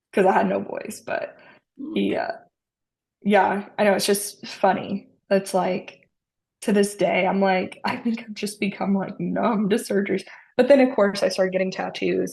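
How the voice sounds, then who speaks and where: Podcast guest, woman in her thirties, gravelly voice, deadpan humor in casual anecdotes. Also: medium pitch. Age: 30s. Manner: dry humor, animated retelling. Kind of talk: casual storytelling.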